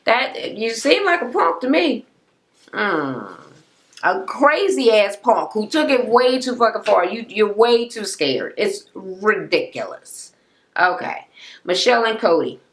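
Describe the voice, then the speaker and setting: Woman vlogger for a recap rant, mid-pitched, swearing freely and mocking the people she recaps. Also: measured pace. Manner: blunt, profane, mocking; exasperated, animated. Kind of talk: casual ranting recap.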